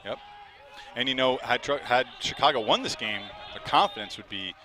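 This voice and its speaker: Male play-by-play caller, bright mid-pitched voice, chatty and quick to laugh, live outdoor broadcast. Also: lively intonation. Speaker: play-by-play commentator. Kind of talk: live sports commentary.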